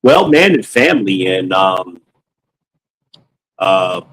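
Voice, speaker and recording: A man's voice: deep voice, big pitch swings, slow pace, a bit bright, low-quality recording. A man casually telling a story from his sales days, slangy and loose, acting out dialogue with frequent ums.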